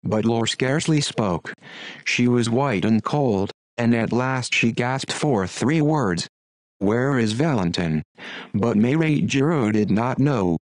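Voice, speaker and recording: A computer-generated male voice reading a classic story aloud, delivering narration and dialogue in the same even, machine-like way. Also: mid-range voice, slow, dry recording. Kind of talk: text-to-speech audiobook narration.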